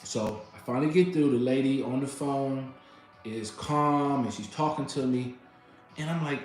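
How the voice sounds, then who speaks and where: A man's voice: medium pitch, moderate pace. Exasperated man with an echoey room sound. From United States. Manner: animated, exasperated, yells when reenacting arguments; colloquial, double negatives. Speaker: vlogger. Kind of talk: casual storytelling rant. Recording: very echoey room with music behind.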